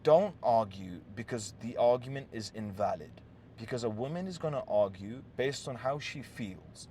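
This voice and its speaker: A man's voice: medium pitch, a little mellow, slight background noise. A man giving relationship advice in an unscripted monologue, blunt and full of swearing, often checking in with a "yes?" and restarting his sentences. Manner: restarts and repeated words.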